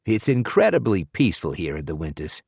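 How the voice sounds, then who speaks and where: A man voicing a smooth, courteous older businessman in an audiobook. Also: low-pitched, very animated, brisk, darkish tone, no echo, heavily acted.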